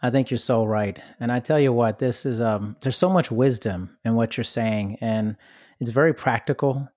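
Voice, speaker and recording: Man, host, casual chat, affirming, dry close sound, middle pitch. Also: darkish tone, no room sound. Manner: affirming, praises guest's ideas.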